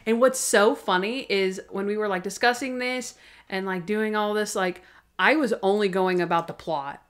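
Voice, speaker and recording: A young woman co-hosting a podcast, chatting casually and excitedly about TV episodes, full of "like" and acting out bits of dialogue. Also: mid-range voice, moderate pace. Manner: chatty, full of "like", acts out characters' lines. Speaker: podcast co-host. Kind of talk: casual chat recapping TV episodes.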